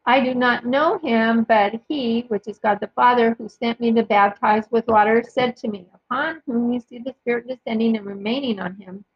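A woman with a husky, slightly high voice reads scripture aloud for her podcast. She goes carefully and measuredly, adding brief remarks of her own between passages. The recording is dull and lo-fi, with a dry, close sound. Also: no echo. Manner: careful, measured reading with occasional small slips. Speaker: podcast host sharing Bible readings. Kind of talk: reading scripture aloud with short personal commentary.

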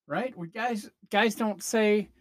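The comedy podcast host's voice sits high and sounds a bit bright, and his delivery is slow. His comedic monologue is a rambling rant that keeps restarting and breaking into exaggerated impressions, captured dry on a close mic without any room echo.

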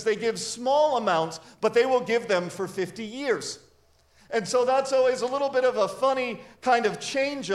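A man, a pastor, preaching a sermon in an earnest, conversational way, mixing scripture with personal stories. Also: high voice. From grew up in a church with many missions givers.

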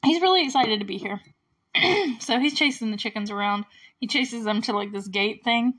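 A woman casually recapping a movie, chatty and full of "like", with small laughs and frequent throat clearing. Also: fairly high pitch, normal speed, a bit bright. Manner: often clears her throat.

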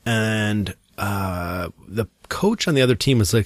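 A man who coaches youth soccer, chatting casually and telling an animated story, acting out other people's lines. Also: lowish voice, a little slow, hardly any pauses, no echo, studio quality. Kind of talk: casual chat.

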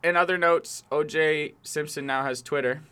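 A man's voice: on the high side, fairly even intonation, normal speed, pushed and bright, clean tone. A young man co-hosting a podcast, chatting casually, laughing a lot and swearing as he rambles through stories. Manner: crude, laughing, rambling storyteller. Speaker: podcast co-host. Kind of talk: casual chat.

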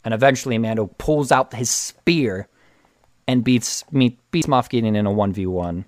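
A man casually retelling a TV episode with excitement, often restarting and repeating words. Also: mid-range voice, moderate pace, no echo. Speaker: show recap host.

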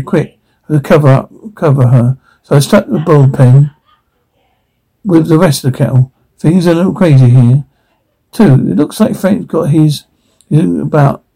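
Brief: male reader, husky and dark-toned, voices all roles and reads the cues aloud. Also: on the high side, poor audio. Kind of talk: reading out film scenes, all parts.

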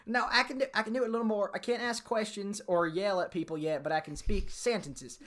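A man's voice: sits high, steady tone, quick pace, a bit bright. A teenage boy with a put-on Southern cowboy accent, chatting on a podcast, full of fillers and restarts. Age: teens. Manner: rambling, lots of fillers and restarts; self-mocking, fake cowboy drawl. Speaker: podcast co-host. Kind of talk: casual chat.

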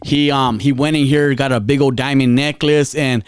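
A man's voice: mid-range voice, fairly even intonation, normal speed, smooth. A man hosting a podcast, rambling through a story in casual chat, stammering, repeating words and swearing freely. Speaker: podcast host.

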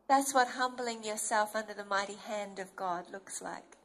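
A woman's voice: medium pitch, normal speed, few pauses, fairly bright tone, rough recording. A woman preaching a sermon in a tender, emotional way, her voice breaking at times.

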